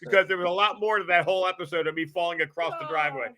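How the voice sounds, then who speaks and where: A man chatting casually as host in a quick, upbeat way. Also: sits high, bright, forceful tone. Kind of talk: casual chat.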